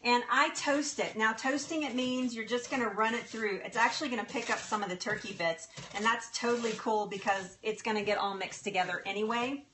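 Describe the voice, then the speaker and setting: A woman's voice: on the high side, steady tone, brisk, few pauses, background noise. A woman hosting a live cooking stream from her home kitchen, chatting with viewers and talking to the food as she cooks. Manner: chatty and bubbly, talks to food and thanks viewers warmly. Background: faint sizzling and stirring of cooking.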